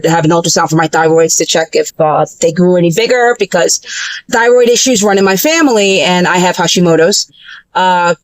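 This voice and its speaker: A woman's voice: on the low side, no echo, rough recording. A woman telling a story in a casual, profane rant full of fillers and restarts. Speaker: vlogger.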